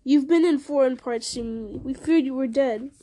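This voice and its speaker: Brief: woman voicing a loud, blunt country farmer, storybook reading. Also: high voice, normal speed, natural voice. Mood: startled. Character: gruff rustic male hobbit farmer.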